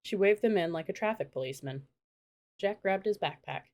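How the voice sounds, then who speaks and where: A woman reading a children's storybook aloud in a steady storytelling manner. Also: mid-range voice, brisk. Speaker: audiobook narrator.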